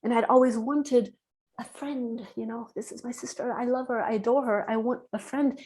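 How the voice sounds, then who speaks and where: Woman, podcast guest, personal storytelling, earnest, fairly high voice. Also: fairly even intonation, normal speed. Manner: earnest, acts out dialogue in a hushed voice.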